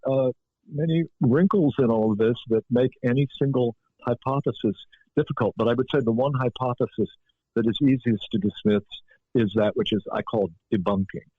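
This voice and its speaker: A man, an author as interview guest, telling stories in a reflective, animated way. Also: medium pitch, no echo. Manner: reflective, animated storytelling with frequent restarts. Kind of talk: interview conversation. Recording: dry phone-like line.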